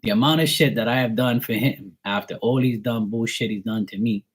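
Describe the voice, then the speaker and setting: A man's voice: mid-range voice, a little fast, husky. Blunt, profane man in his forties. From Bermuda. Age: 40s. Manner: rambling, blunt and heavily profane, many fillers. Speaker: tarot reader streaming live. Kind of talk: casual personal storytelling.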